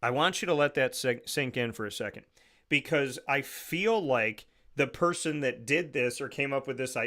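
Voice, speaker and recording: A man's voice: medium pitch, moderate pace, pushed and bright. A man hosting a radio show, delivering a rambling, sarcastic and incredulous monologue full of restarts.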